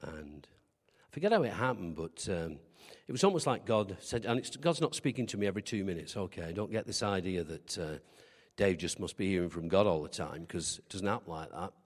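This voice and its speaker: Speaking low and expressively, a bit quickly and with few pauses, a man delivers a sermon as a pastor. He keeps it conversational, questions the congregation, and tells humorous, self-deprecating stories, his voice echoing with long hall reverb.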